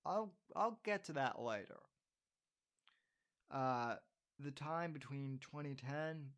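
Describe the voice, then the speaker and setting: In his twenties, a podcast host with a mid-pitched voice reads his own essay aloud. He wanders off into loose asides, addressing listeners as "folks" or "ladies and gentlemen," filling gaps with "uh" and restarting before he gets back to the article.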